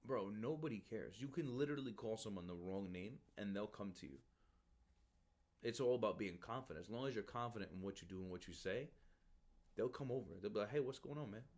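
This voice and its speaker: A man's voice: fairly low pitch, fairly quick, darkish tone. A man hosting a casual podcast, talking animatedly and calling the listener bro. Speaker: Marine recruiter podcast host.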